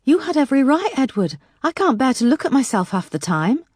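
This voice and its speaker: A woman's voice: on the low side, sing-song, normal speed, dark tone, dry recording, clean studio sound. A woman voicing a young woman detective, grieving and guilt-ridden, speaking tearfully in an audiobook. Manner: tearful, self-reproaching.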